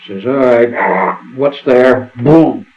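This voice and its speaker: A man's voice: mid-range voice, drawn-out words, darkish tone. Older man telling stories, tinny sound. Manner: rambling anecdotal storytelling, acts out quotes. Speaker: seminar speaker. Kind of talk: storytelling talk at a seminar. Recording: tinny phone-like sound with faint hiss.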